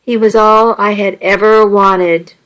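A woman softly narrating a first-person romance story in an intimate reading voice. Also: mid-range voice, fairly even intonation, measured pace, poor audio.

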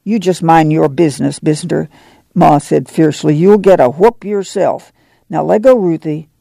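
A man voicing a middle-aged rural mother with a drawl, speaking in a steady, stern, often hushed way. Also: on the high side, normal speed, creaky, no echo.

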